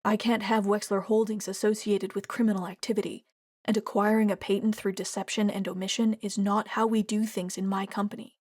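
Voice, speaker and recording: A woman's voice: mid-range voice, level tone, brisk, darkish tone, no room sound, studio quality, close to an everyday voice. A woman voicing a protective young businessman in an audiobook, speaking in an intense, vowing way. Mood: stern. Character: rich young man, protective and fierce.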